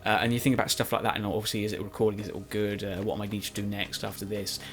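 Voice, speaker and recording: Rapid-fire and flat, a fairly low male voice delivers rambling, chatty commentary on his own recorded gameplay. This Let's Play commentator keeps turning the jokes on himself.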